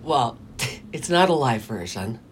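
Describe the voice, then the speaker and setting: A woman's voice: very deep voice, expressive, slow, a little hiss or hum. A middle-aged woman hosting a radio call-in show, chatty and rambling, laughing often. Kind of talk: casual radio chat. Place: radio studio.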